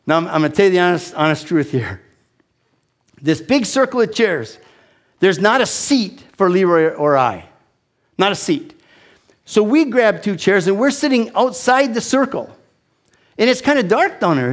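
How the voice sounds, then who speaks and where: A man in his sixties telling a personal testimony as an animated, self-deprecating storyteller with frequent restarts. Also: high-pitched, normal speed. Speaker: speaker giving a testimony.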